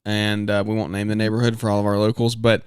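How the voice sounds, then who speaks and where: A man's voice: fairly low pitch, monotone, quick pace, smooth, no room sound, clean studio sound. A man as a podcast guest in casual chat, laid-back with short replies.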